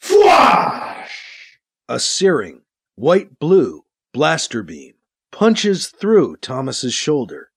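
A man narrating a science-fiction story with a dramatic, expressive reading. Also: high voice. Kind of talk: audiobook narration.

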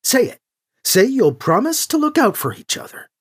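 A protective older aunt presses her point, stern and insistent, as an audiobook narrator puts her on. Her husky voice rises and falls widely. She disapproves and does not let up. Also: medium pitch, very animated, normal speed, voice pushed up. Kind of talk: audiobook character reading.

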